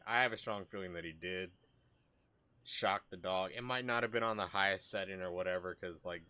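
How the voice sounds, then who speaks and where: A man's voice: low-pitched, bright, forceful tone. A man streaming casual commentary, rambling and profane with many restarts.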